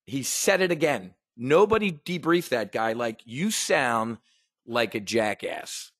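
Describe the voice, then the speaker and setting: A man's voice: medium pitch, animated, slow, dry recording, clean studio sound. A man hosting a market briefing, ranting bluntly and sarcastically, with casual swearing and frequent restarts. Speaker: host of a trading market briefing. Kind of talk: casual profane livestream commentary.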